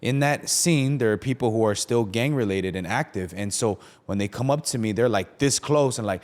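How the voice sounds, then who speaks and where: A man's voice: medium pitch, a little fast, a little mellow. Casual-talking young man pastor. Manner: conversational, many fillers, acts out quotes. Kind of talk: casual podcast talk.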